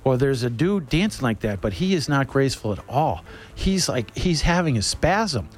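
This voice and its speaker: A man speaking at medium pitch and a moderate pace tells a rambling, funny story on the radio. His style is casual chat, animated and jokey, with frequent laughter.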